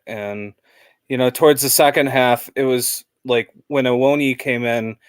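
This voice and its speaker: A man's voice: medium pitch, dry recording, clean studio sound. A man chatting casually as a guest fan about a football match, rambling with lots of fillers.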